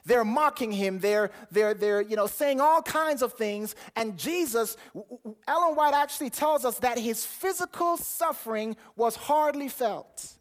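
A man's voice: very high voice, unhurried. An earnest male preacher delivers a sermon, reading scripture aloud in King James wording. He repeats words as he pushes toward a point and asks the congregation questions as he goes.

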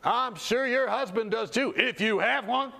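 Preacher doing a taunting possessed patient, high and mocking. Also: male voice, a little slow, creaky, bright, forceful tone, full character voice. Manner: taunting, sneering.

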